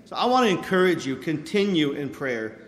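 A man giving a sermon, telling stories with lively quoted voices and frequent fillers like "you know". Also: on the high side, a little fast. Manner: animated storytelling with quoted voices, many fillers. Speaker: preacher. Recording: echoey hall with long reverb.

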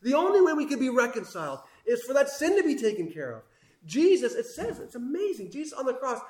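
A man preaches with high-pitched fervor, pressing his points hard and then dropping to near hushes. His voice rings in an echoey room as he delivers the sermon. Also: very animated, brisk. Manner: impassioned, swings between loud emphasis and hushed asides.

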